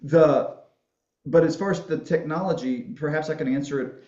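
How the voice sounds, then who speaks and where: A man appears as a podcast guest, a family history filmmaker, telling folksy, rambling stories in casual conversation and laughing at his own jokes. His voice is fairly high and mellow at a normal speed, and the recording is reverberant and muffled.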